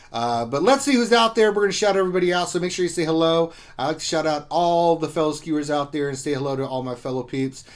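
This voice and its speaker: A fairly high-voiced man hosts a casual live stream and reads out chat greetings. He jokes loosely, jumps from loud shout-outs to low mutters, and talks through back pain while drinking. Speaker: livestream host.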